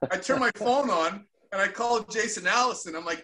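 A man in his forties with a high, bright voice tells a story in casual chat. He is animated and acts out the quotes with voices. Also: moderate pace, few pauses. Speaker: former pro hockey player, podcast co-host.

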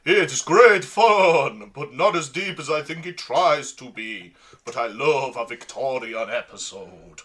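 A man voicing a theatrical male vampire count in a put-on Transylvanian accent, reading slowly and sinisterly. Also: mid-range voice, a bit bright. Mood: mock sinister. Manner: slow, drawn-out and sinister, with a mock laugh.

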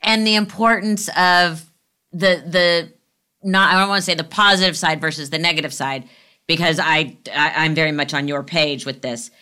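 A woman's voice: low voice, moderate pace, pushed and bright, clean tone. A woman hosting a podcast interview, easygoing and laughing along, asking long rambling questions. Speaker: podcast host. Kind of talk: casual interview chat.

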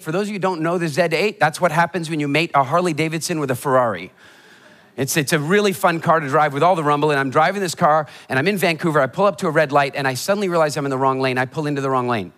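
A motivational speaker telling funny stories in a keynote talk before a live audience, animated and acting out the voices of people in his stories. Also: a little high. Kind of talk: humorous storytelling keynote talk. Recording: hall reverb of a live talk.

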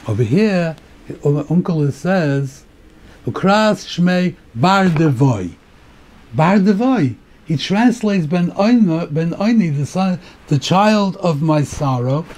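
A man's voice: sits high, darkish tone. A rabbi giving a Torah lecture, mixing Hebrew terms into English and often repeating words as he thinks.

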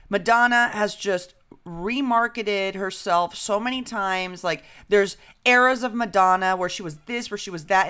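Animated, joking woman podcast host. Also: mid-range voice. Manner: animated, swearing, jokey storytelling. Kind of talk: casual chat.

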